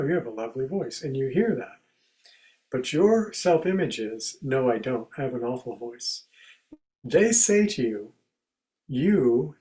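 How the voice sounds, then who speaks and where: A man giving a contemplative spiritual talk in a conversational way, acting out everyday examples as quoted speech and going soft and quiet on key phrases. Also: mid-range voice, poor audio. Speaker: spiritual teacher and speaker.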